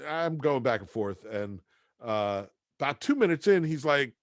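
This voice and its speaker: A male instructor telling a class story at an unhurried pace, stumbling over fillers and restarting his sentences as he goes. His voice sits in an ordinary middle register. It is recorded close and dry, with no room sound. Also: medium pitch, lively intonation, no echo. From near Boston, USA. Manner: rambling, hesitant, lots of fillers and restarts.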